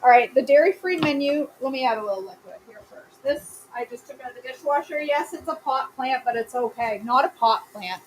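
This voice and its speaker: Chatty woman cooking live, voice a bit high. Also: brisk, hardly any pauses, slight background noise, rough recording. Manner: chatty, answers viewers' comments by name while cooking; playful and self-mocking, easily delighted. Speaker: host of a live cooking stream. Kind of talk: casual live-stream cooking chat. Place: home kitchen.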